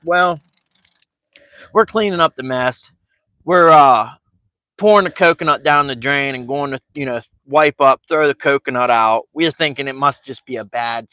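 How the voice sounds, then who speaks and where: A man's voice: medium pitch, a bit bright, no echo. A man telling a rambling story to camera while fishing from a boat. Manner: rambling, chatty, laughs through his story. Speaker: fishing vlogger.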